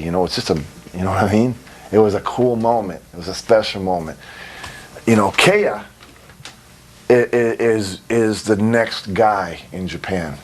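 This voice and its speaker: A man's voice: fairly low pitch, moderate pace, husky. A man in his thirties giving a candid interview as a wrestler, telling stories bluntly with lots of swearing. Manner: blunt, animated storytelling with swearing and laughs. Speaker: interview guest, pro wrestler. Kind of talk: candid, profane interview talk.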